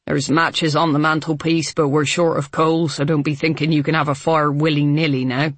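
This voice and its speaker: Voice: medium pitch, little pitch movement, moderate pace, no echo, natural voice. A reader voicing a stern older woman who keeps house, speaking in short, clipped, grudging lines. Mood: irritable.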